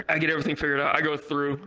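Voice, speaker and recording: A young man telling a rambling, profane story at a virtual reality comedy club. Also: a little high. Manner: rambling, heavy swearing, animated.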